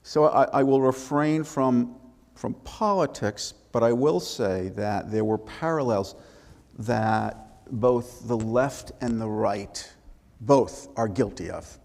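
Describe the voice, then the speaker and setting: An older man, an author, telling lively anecdotes with restarts in a live interview before an audience. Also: mid-range voice, slow pace, gravelly. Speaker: author and former congressman. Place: synagogue hall before an audience. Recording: long reverb of a hall.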